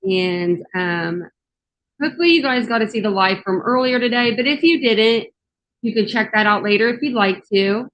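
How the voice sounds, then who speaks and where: Woman host, slightly hoarse, casual chatty livestream delivery with frequent fillers. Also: on the high side, normal speed, a bit bright, slight background noise, low-quality recording. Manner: chatty, many fillers, greets chat viewers. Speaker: true crime livestream host. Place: home office studio.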